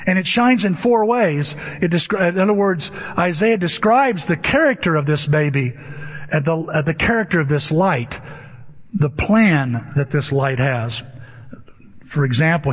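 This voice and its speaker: Male pastor, sermon, husky high voice, long church reverb, muffled lo-fi sound. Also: expressive, a little slow. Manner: emphatic preaching with rhetorical questions. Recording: dull lo-fi with long hall reverb.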